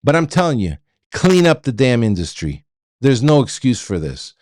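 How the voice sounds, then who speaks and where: A man's voice: medium pitch, sing-song, moderate pace, a little mellow, no room sound, studio quality. A middle-aged man hosting a trucking show, ranting bluntly at viewers and often stammering and repeating himself. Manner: blunt, repetitive, stammering restarts.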